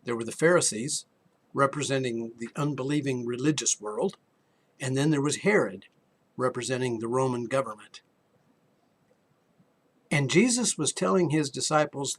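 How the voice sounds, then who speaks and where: A man's voice: mid-range voice, moderate pace, vocal fry, breathy edge. A man giving a sermon in an earnest, questioning way, often repeating a word as he starts a sentence. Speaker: preacher.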